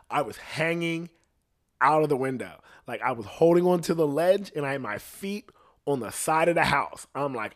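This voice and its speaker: Profane man telling a story. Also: normal speed. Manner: profane, animated, drops to low tones for tension. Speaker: guest. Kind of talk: casual storytelling.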